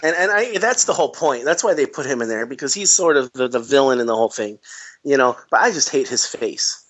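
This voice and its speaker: A man co-hosting a casual movie chat, animated and complaining, repeating himself for emphasis. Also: medium pitch, fast. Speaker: podcast co-host. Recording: dull lo-fi recording.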